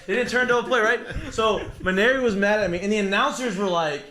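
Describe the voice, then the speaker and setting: Animated storytelling man, fairly high voice. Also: fast, echoey room. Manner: animated, swears freely, acts out quotes. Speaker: former college baseball player, podcast guest. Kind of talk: casual storytelling chat.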